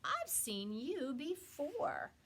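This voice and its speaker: A woman voicing a lazy, flighty female bird who talks in high, pouty exclamations. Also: big pitch swings, very slow, heavily acted. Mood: surprised.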